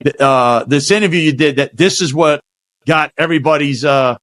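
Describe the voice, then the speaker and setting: A man hosts a casual interview and rambles eagerly, restarting his sentences as he goes. His voice sits a little high. The sound is dry and close. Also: normal speed, fairly bright tone, dry recording. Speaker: podcast host.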